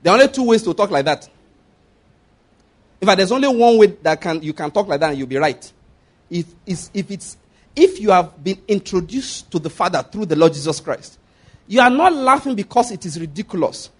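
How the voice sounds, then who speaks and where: A man's voice: sits high, husky. A man preaching a sermon, emphatic, repeating phrases and checking that listeners follow.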